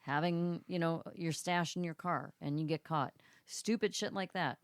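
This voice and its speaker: Low-voiced woman co-hosting a podcast. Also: normal speed, no echo. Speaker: podcast co-host. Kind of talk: casual podcast chat.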